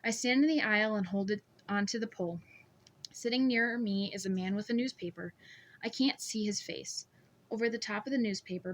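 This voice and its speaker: Brief: woman, amateur audiobook reader, even first-person narration. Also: medium pitch.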